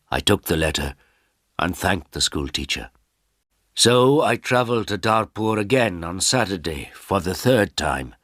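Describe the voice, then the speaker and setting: Casting male narrator, low voice, slow clear storybook reading for learners. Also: expressive, fairly bright tone, dry recording, studio quality. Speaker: story reader.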